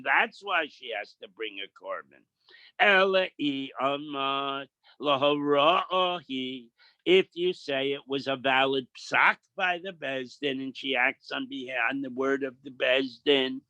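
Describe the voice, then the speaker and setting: A middle-aged man teaching a daily Talmud page, reading Aramaic slowly, then explaining it in casual with quips and asides. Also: a little high, bright, forceful tone, dry recording. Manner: plain-spoken, quips and asides. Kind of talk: daf yomi Talmud lesson.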